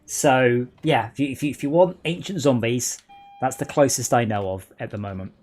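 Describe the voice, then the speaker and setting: Faint music plays behind this man from England, whose mid-range voice moves at normal speed. As host of a late-night gaming stream, he rambles through casual chat and jokes, an animated storyteller.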